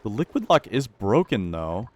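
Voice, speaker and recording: A man's voice: lowish voice, very animated, moderate pace, background noise. A man commentating his own gameplay, talking anxiously to his characters and repeating his lines. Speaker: gaming YouTuber.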